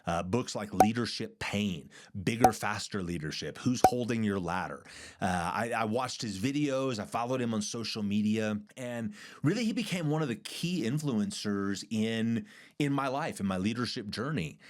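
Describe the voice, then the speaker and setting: A man's voice: fairly low pitch, expressive, moderate pace, darkish tone. A middle-aged man hosting a podcast, telling a leadership story in an earnest, emphatic way and repeating words for stress. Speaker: podcast host and church leader. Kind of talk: storytelling monologue.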